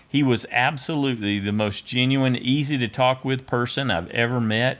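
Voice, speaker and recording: A man hosting a fan podcast, reading listener feedback aloud in a measured, friendly way. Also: fairly low pitch, fairly bright tone. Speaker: podcast host.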